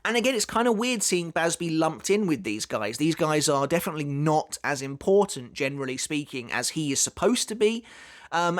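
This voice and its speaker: A man casually talking through an anime character analysis for his video channel, chatting along with plenty of fillers and restarts. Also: a little high. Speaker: anime commentary YouTuber.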